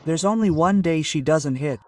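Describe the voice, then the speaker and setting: A man from Northeast Brazil, telling animated stand-up stories about his childhood and constantly checking in with the crowd. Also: on the high side, moderate pace, no echo, studio quality, distant mic. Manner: animated storytelling with frequent tag questions. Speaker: stand-up comedian. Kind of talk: stand-up comedy set. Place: stage in front of a live audience.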